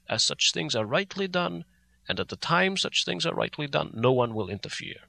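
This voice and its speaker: A man's voice: a little high, creaky, bright, forceful tone, dry recording, exaggerated voice. A man voicing an old foreign male professor who reasons earnestly in broken, formal phrasing.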